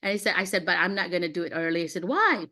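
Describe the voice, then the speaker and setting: A woman in her fifties, an education coach, talking casually and warmly about her passion on a video call, with frequent laughs and fillers. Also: on the low side, steady tone, racing. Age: 50s. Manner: chatty, laughing, lots of fillers and acted-out dialogue. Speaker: education coach running mock interviews.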